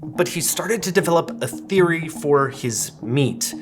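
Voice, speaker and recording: A man's voice: a little high, expressive, a little slow, over music. A man hosting a casual explainer video, chatting wryly with amused asides while demonstrating a kitchen gadget. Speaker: video essay host. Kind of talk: casual explainer with cooking demo.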